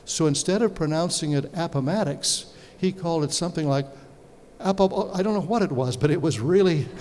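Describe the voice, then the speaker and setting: Male lecturer, fairly high voice, storytelling with rhetorical questions; long hall reverb, faint noise. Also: darkish tone. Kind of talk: conference lecture. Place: large hall.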